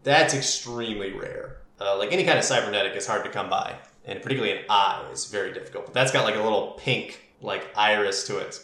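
A man's voice: fairly low pitch, fast, few pauses, pushed and bright. A man narrating as game master, loose and rambling, with frequent fillers. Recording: roomy echo.

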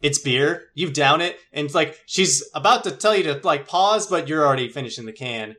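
A woman's voice: sits low, expressive, normal speed, few pauses, fairly bright tone. Chatty woman running a tabletop game. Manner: loose, chatty, many fillers. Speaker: game master.

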